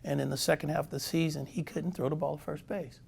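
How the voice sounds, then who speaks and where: A man in his sixties, a former pitcher, telling a lively anecdote as a guest. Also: quick pace, vocal fry, breathy edge. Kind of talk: storytelling anecdote.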